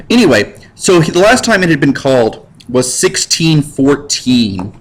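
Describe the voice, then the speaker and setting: A male history teacher talks over slides in a loose, joking way, full of slang and quick put-on voices. His pitch leaps around, and he lands each point with playful emphasis. He sounds like he is recording at a computer mic. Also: very animated, slight background noise, rough recording. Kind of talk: casual lecture over slides. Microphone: computer mic while drawing with a mouse.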